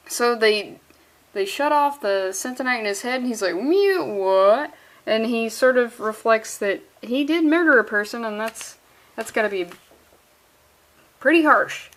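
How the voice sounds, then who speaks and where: A woman's voice: fairly high pitch, a bit bright. A woman giving a casual comic book review, exasperated, sarcastic and swearing freely.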